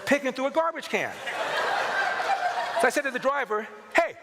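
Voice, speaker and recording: A man in his sixties, a radio talk show host, telling personal stories with animated, chuckling delivery. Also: very high-pitched, fast. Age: 60s. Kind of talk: anecdotal storytelling to an audience. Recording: reverberant hall with clear background noise.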